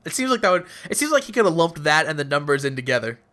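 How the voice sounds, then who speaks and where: Bright, animated wisecracking male podcaster. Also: a little high, very fast. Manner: wisecracking, deadpan jokes. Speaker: podcast co-host. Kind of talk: casual podcast chat.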